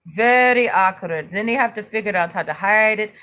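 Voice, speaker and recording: A woman's voice: medium pitch, normal speed, a bit bright. A woman hosting a livestream, reading and mocking viewer comments in a taunting way, now and then breaking into sung snippets. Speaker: livestream host.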